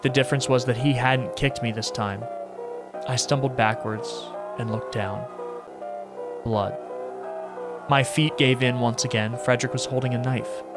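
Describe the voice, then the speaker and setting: A man streaming a horror game, reading its story aloud steadily with quick spoken reactions. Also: mid-range voice. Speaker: gaming streamer.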